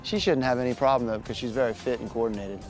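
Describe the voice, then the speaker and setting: A man's voice: mid-range voice, fast. A man coaching wakeboarding, explaining equipment step by step in a friendly way. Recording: background music.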